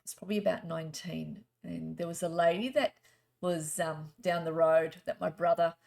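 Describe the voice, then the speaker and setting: A middle-aged woman works as a psychic, chatting through stories and a card reading. She talks in a rambling, gently spiritual way. Her voice sits low and has a gravelly edge. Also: flat delivery, normal speed. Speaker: psychic reader. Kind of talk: casual storytelling and card reading.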